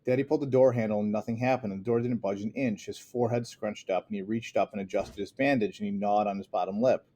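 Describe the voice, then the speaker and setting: A man narrating a first-person novel aloud with steady, earnest delivery. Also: lowish voice, quick pace. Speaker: audiobook narrator. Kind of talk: first-person audiobook reading.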